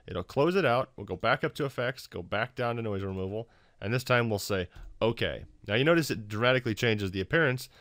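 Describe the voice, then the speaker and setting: A man talking through a casual software tutorial in a fairly low voice, recorded dry on a close mic. He rambles loosely, filling gaps with ums and restarting his sentences. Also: no room sound. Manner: loose, full of fillers and restarts. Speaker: YouTube tutorial maker.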